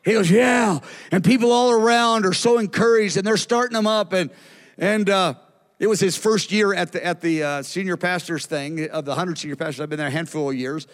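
A man with a high voice preaches to a gathering, telling stories with animated energy and acting out the lines of the people in them. His voice rings with the long reverb of a large hall. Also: a little fast. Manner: animated storytelling, acts out quotes. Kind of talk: sermon.

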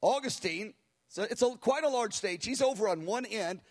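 A middle-aged man preaching, telling a story in an animated way and acting out quotes. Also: high voice, normal speed. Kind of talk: sermon storytelling.

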